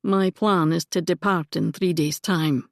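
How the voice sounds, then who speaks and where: Woman doing a wry low-key young gent, dry humour, close dry sound. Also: fairly even intonation, unhurried, no room sound. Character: wry young Scottish gentleman, smitten.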